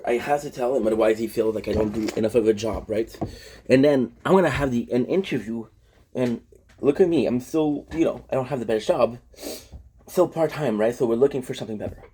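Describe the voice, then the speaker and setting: His voice is medium-pitched, warm, and husky. He's a young male vlogger, a native French speaker, casually venting to his audience in a frank, swear-filled monologue that rambles and keeps restarting mid-sentence.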